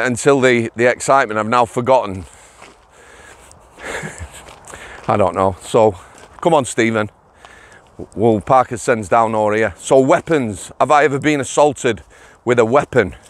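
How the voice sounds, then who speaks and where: A middle-aged man, chatting to viewers on an outdoor walking vlog, laughing and addressing them directly. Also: mid-range voice. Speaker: vlogger, former prison officer. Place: outdoors on a walk.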